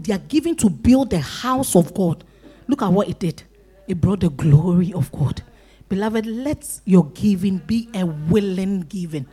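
Lively preaching woman. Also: mid-range voice, slightly rough. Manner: lively preaching, acts out crowd voices. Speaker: pastor. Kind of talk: sermon.

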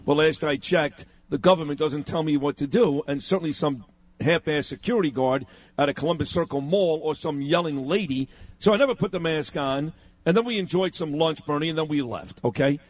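A fairly high-pitched man hosts talk radio, retelling a run-in with great indignation. He acts out every exchange with emphatic punches. The recording is dry and close. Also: brisk, dry recording. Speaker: radio talk show co-host. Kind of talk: animated storytelling on talk radio.

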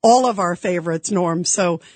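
A woman's voice: lowish voice, normal speed, a little mellow, no echo. A woman hosting a call-in radio talk show, telling a story and thanking callers in an emotional, effusive, patriotic way.

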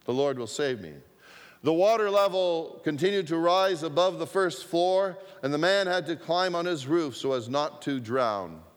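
A man preaching a sermon, telling a story slowly and deliberately with repetition for emphasis. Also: on the high side, clear, resonant tone. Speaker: pastor. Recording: long hall reverb.

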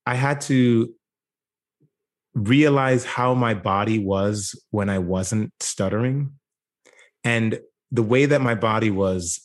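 A man born in Jamaica speaks as a guest on an interview podcast, his voice sitting fairly low. He talks in a relaxed, reflective way and often pauses on "like" and "you know.". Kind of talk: casual interview conversation.

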